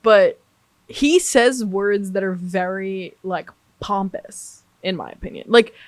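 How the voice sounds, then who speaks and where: A woman's voice: mid-range voice, slow pace, dry recording. A young woman with an American accent, a podcast guest in casual chat, talking animatedly with a lot of swearing and acting out what people said. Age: young adult. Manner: animated, swears constantly, acts out quoted exchanges.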